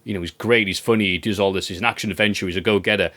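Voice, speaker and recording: A man co-hosting a wrestling review, chatting casually in an animated, ranting way and swearing freely. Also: sits low, rapid-fire. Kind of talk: casual chat.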